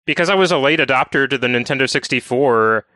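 A man co-hosting a podcast, chatting casually and telling anecdotes in a measured, explaining way. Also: medium pitch, pushed and bright, no echo. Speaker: podcast co-host.

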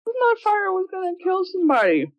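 A woman's voice: extremely high pitch, wildly swooping pitch, quick pace, no room sound, muffled recording. A woman co-hosting a casual movie chat, answering in short, dry remarks. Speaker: podcast co-host.

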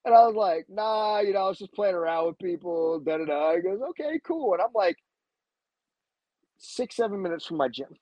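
A man recounts a story as a podcast guest, his voice sitting a little high and jumping even higher when he acts out other people's lines. The delivery is casual and animated. The recording sounds a bit dull and dry, with no room echo. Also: normal speed. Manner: animated, acts out quoted voices with big pitch jumps. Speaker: podcast guest, jiu-jitsu black belt.

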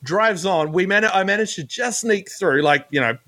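A man's voice: high-pitched, moderate pace. A man in a casual podcast chat, ranting with lots of swearing as a guest co-host. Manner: profane, animated ranting.

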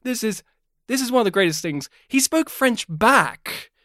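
An Australian man hosting a podcast, telling stories in lively, casual chat and swearing freely. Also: extremely high pitch, moderate pace, no room sound, clean studio sound. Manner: animated storyteller, swears freely. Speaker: podcast host.

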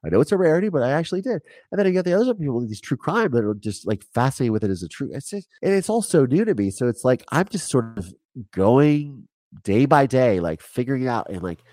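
A man's voice: medium pitch, sing-song, a little fast, darkish tone, dry recording. A man as an interview guest, talking candidly and animatedly in a casual conversation over a remote call, with frequent restarts and swearing.

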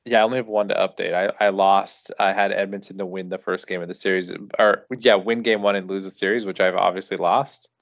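Laid-back man co-host, gravelly low voice, dry humor, close dry muffled mic. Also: fairly even intonation, a little fast, hardly any pauses, no echo. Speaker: podcast co-host. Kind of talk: casual sports chat. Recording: dull dry lo-fi sound.

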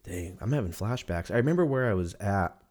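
Young man, low-pitched, casual solo talk, profane, rambling. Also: animated, fairly quick, a little mellow.

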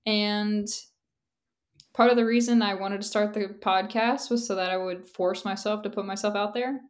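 A young woman co-hosts a podcast in relaxed, casual chat. She talks candidly and rambles, laughing often and leaning on "like" as she goes. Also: mid-range voice, normal speed. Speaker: podcast co-host.

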